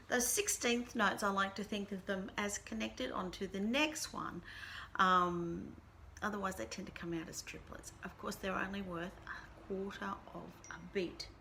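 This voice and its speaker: Slow-talking band teacher woman. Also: mid-range voice, vocal fry, bright, forceful tone, a little hiss or hum. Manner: sings rhythms aloud on nonsense syllables; patient, explains step by step. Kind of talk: recorded music lesson.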